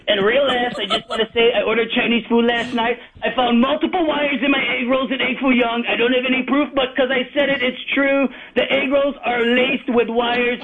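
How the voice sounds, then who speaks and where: A man with a Chicago accent calling into a show, rambling rapid-fire from one topic to the next. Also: extremely high pitch, flat delivery, a loud crowd. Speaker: caller. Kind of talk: rambling call-in monologue. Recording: tinny phone line.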